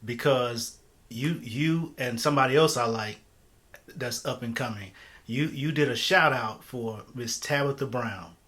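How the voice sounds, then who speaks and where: A man's voice: medium pitch, unhurried, a bit bright. A man co-hosting and asking questions, hesitant with many fillers and restarts. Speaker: co-host. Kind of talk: interview questions.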